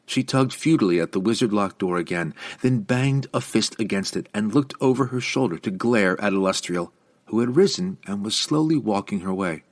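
A man reading a fantasy novel aloud as narrator, with an expressive, varied delivery. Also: fairly low pitch, moderate pace, no echo. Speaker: audiobook narrator.

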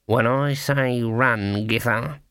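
A man's voice: a little high, animated, normal speed, no echo, studio quality. A man voicing a stern, commanding older witch who speaks bluntly in country grammar. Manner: loud, clipped, dialect grammar.

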